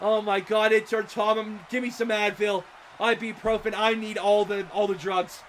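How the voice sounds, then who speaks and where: A young man calling a live wrestling match play-by-play, excitable and shouting, his voice going hoarse. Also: high-pitched, normal speed, a little hiss or hum. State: losing his voice. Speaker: wrestling commentator.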